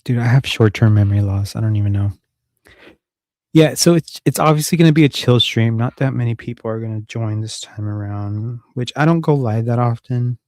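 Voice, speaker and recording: A man's voice: mid-range voice, brisk, darkish tone, dry recording, clean studio sound. Rambling, foul-mouthed male streamer. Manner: rambling, profane, joking. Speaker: livestream host. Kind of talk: casual live-stream chat. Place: at home.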